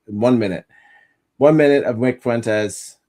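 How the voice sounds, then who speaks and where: A man's voice: medium pitch, measured pace, mellow. A man hosting a casual commentary podcast, rambling and swearing, often laughing at his own jokes. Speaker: podcast host.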